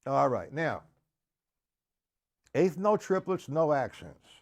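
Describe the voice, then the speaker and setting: A man's voice: fairly high pitch, sing-song, slow pace. A man teaching a live-streamed drum lesson, counting beats aloud and asking viewers to respond.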